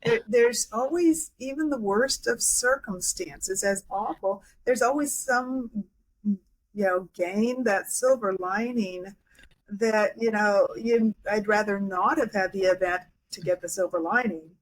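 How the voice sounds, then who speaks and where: Female guest, hypnotherapist, mid-pitch, reflective and halting. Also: low-quality recording. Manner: reflective, halting with many restarts and fillers. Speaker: guest hypnotherapist and life coach. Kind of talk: casual interview talk.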